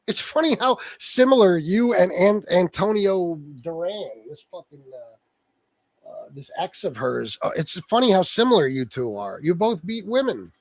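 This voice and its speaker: High, lively-voiced man ranting on a livestream. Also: measured pace. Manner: profane, taunting, insults someone by name. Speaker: livestream host. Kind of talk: livestream rant.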